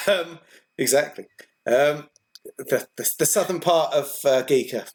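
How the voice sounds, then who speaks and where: A man serves as game master for a tabletop role-playing game. He talks in a halting, good-humoured way, with plenty of ums and restarts. He laughs often along with his players. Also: fairly high pitch.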